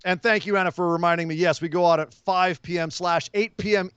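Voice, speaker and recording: A man's voice: high voice, brisk, clear, resonant tone, dry recording, lo-fi sound. A man from California co-hosting a podcast, chatting casually and playfully. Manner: playful, jokey, animated. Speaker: podcast co-host. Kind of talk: casual chat.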